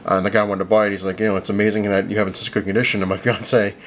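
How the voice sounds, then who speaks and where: A man's voice: on the low side, level tone, racing, a little hiss or hum. A young man chatting casually as a vlogger, rambling with lots of fillers and retelling conversations. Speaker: vlogger recapping a comic convention. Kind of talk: casual chat.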